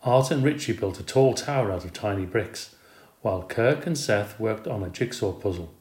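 A man reads a children's storybook aloud with lively expression. His voice sits on the low side. The recording carries a noticeable room echo. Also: moderate pace. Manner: expressive, animated reading. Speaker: reader. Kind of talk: storybook narration. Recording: roomy recording.

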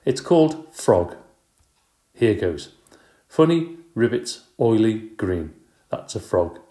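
A man's voice: fairly low pitch, very animated, slow pace, dark tone. A man voicing a cheeky, show-off schoolboy who talks cockily, in a roomy recording. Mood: cocky. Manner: cocky, jokey. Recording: roomy echo.

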